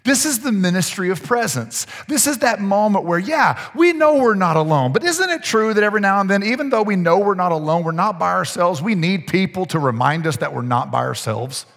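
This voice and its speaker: A man preaches from the pulpit in a loose, storytelling way, often turning to ask his congregation questions. His voice sits a little high for a man, and it rings out with the long echo of a church sanctuary. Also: expressive, brisk, few pauses, fairly bright tone. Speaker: pastor. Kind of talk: sermon.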